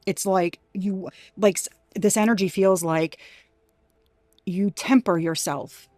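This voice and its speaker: A woman's voice: medium pitch, fairly even intonation, slow, darkish tone, dry recording. A woman giving an intuitive tarot reading to her viewers, talking emphatically with many restarts and exclamations. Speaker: tarot reader.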